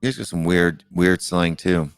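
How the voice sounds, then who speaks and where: A man's voice: low-pitched, moderate pace, clean tone, no room sound, faint music behind. A middle-aged man hosting a live call-in show, chatting casually and rambling with many fillers and restarts. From United States. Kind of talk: casual live-stream chat.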